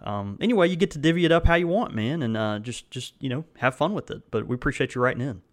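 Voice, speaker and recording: A man co-hosting a podcast in casual chat, easygoing and quick to laugh. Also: mid-range voice, animated. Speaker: podcast co-host.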